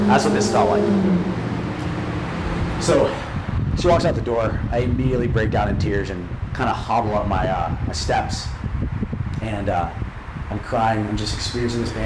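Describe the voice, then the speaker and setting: A young man giving a personal testimony speech at a live event, earnest and emotional, with dramatic pauses. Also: lowish voice. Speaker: speaker at an event. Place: large hall at a live event. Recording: echoey hall with background noise.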